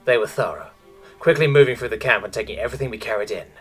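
A man giving a steady, measured scripted audiobook narration of a science fiction story. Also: mid-range voice, soft background music.

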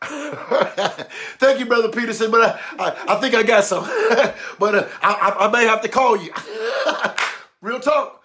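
A man preaching a sermon, animated and colloquial, acting out voices to make his points. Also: high-pitched. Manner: animated, mimics voices, laughs.

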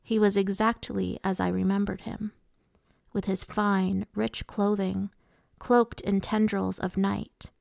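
A woman narrating a novel in the first person, in a measured reading voice. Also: medium pitch, gravelly, a little mellow, no room sound, studio quality. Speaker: audiobook reader.

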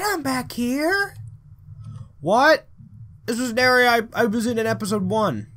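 A man's voice: high voice, fairly bright tone, slight background noise. A man commentating his horror game playthrough in a confused, rambling way with frequent swearing. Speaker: let's play gamer.

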